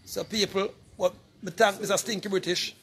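Speaking at a moderate pace in a high, steady, slightly bright voice, this middle-aged Jamaican vlogger appeals for donations. His casual to-camera pitch is emphatic and repetitive, with constant calls out to people.

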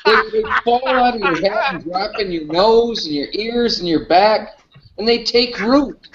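A man's voice: high voice, animated, measured pace, over a noisy crowd. A man in a casual podcast chat, joking and teasing. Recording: lo-fi call audio with faint noise.

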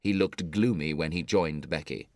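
Deep-voiced male story narrator. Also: darkish tone, no echo. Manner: measured, clear reading. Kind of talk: scripted story narration for English learners.

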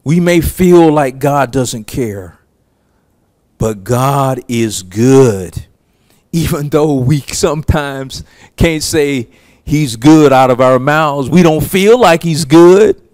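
A man preaching a sermon, slow and emphatic, with long pauses between phrases. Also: mid-range voice, animated, a little mellow, no echo. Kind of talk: sermon teaching.

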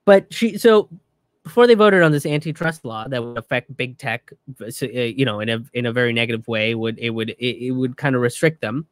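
A man's voice: mid-range voice, brisk, no echo, studio quality. A young man and comedian giving heated, profane political commentary, ranting and restarting his sentences.

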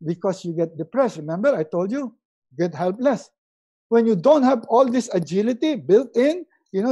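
A man giving a lively motivational webinar talk, repeating words for emphasis and swinging between loud and hushed delivery. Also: very high voice, poor audio. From Philippines. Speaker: resiliency coach.

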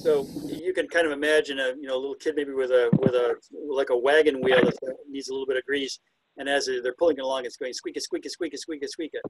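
A fast-talking man with a mid-range voice and level tone presents an illustrated talk on bird songs, joking at his own expense. He occasionally hoots and whistles the calls himself. The rough recording carries a little hiss or hum.

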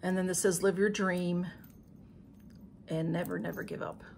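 Lady vlogging, all gushy and thankful, bit of a gravelly fry, faint hum behind. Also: fairly low pitch, steady tone, moderate pace, darkish tone. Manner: gushing and emotional, thanking repeatedly. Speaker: YouTube vlogger. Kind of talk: casual unboxing chat to camera.

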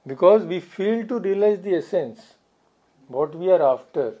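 A man's voice: high voice, expressive, unhurried, lo-fi sound. A man giving a spiritual talk as a swami, earnest, repeating phrases for emphasis. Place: society hall.

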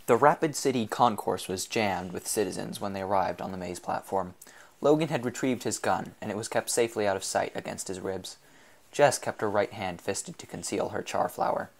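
Steady low-voiced male audiobook narrator. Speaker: audiobook reader. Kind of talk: scripted novel narration.

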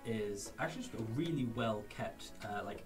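A man's voice: lowish voice, animated, normal speed. A man running a tabletop game as game master, loose and full of fillers, voicing a blacksmith. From England. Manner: loose, filler-heavy narration, laughs easily. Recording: distant mic with background music.

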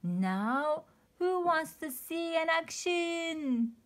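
A woman's voice: very high voice, lively intonation, drawn-out words, pitched above the performer's own voice, heavily acted. Storybook villain: woman voicing a screeching, cackling little pea who hates fun. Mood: gloating. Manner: screechy, gleeful menace.

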